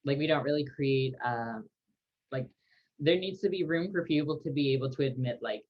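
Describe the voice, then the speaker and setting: A man's voice: mid-range voice, moderate pace. Reflective man on a muffled podcast. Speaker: podcast guest. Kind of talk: casual conversation.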